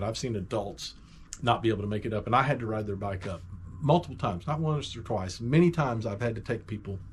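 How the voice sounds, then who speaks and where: A middle-aged man tells a personal story in a casual, animated way, with a medium-pitched voice. He talks plainly and acts out bits of the story as he goes. There is a faint noise in the background. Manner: animated, conversational, acts out moments.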